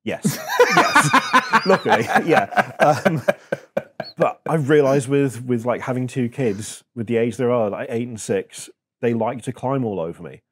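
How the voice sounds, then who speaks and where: A man in his thirties, a podcast guest talking in a reflective, halting way with many fillers. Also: mid-range voice, lively intonation, a bit bright, a little hiss or hum. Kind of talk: casual chat.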